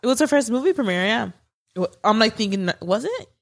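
A young woman co-hosting a podcast in casual chat, playful and expressive, with casual swearing. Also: fairly high pitch, quick pace. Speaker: podcast co-host. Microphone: podcast studio mic.

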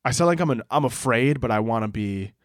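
A man's voice: mid-range voice, animated, quick pace, dry recording. A man hosting a solo podcast, talking casually in a rambling, profane, joking way into a close mic. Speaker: podcast host.

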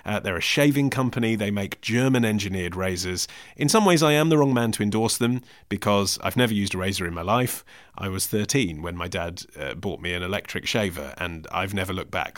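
A man hosting a podcast with a lowish voice and dry, self-deprecating wit. He is close on the mic in a dead, dry studio. His talk is chatty and easygoing. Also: fairly bright tone, no room sound. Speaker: podcast host. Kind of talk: casual podcast monologue with host-read ads.

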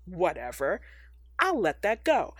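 Animated, sarcastic woman ranting in a dry room. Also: on the low side, measured pace, slightly rough, dry recording. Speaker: podcast co-host. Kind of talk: casual chat reviewing a TV episode.

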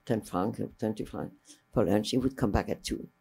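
Older woman with a warm voice. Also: very deep voice, moderate pace, gravelly, slightly rough. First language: French. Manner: rambling, lively, restarts mid-phrase and acts out other people's speech. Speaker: interviewee, filmmaker. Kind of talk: storytelling reminiscence.

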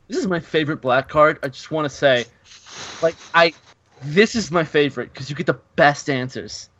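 A man's voice: on the high side, normal speed, a bit bright, a little hiss or hum. Joking man on a muffled podcast. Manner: joking, exaggerated complaints. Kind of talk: casual game night banter.

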